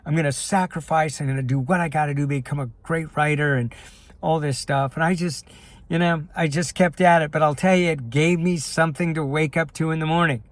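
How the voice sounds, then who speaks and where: Middle-aged guy telling his story to camera, bit high voice, dry close sound, gets emotional. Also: steady tone, fairly quick, no room sound. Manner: candid and emotional, storytelling with quoted dialogue. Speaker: life coach and filmmaker sharing his story. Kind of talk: personal video talk to camera.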